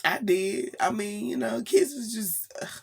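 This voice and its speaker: A woman's voice: on the high side, unhurried, gravelly, breathy edge. A young woman vlogging casually late at night, tired and rambling, laughing often and asking "you know what I'm saying?". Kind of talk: casual spiritual vlog.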